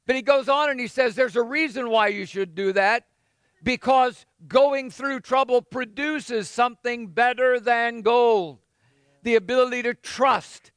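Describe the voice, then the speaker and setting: Guy preaching, pretty high voice, dry close sound, talks it through casual-like and acts out the quotes. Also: measured pace, fairly bright tone, clean tone, no echo. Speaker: pastor. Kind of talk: sermon.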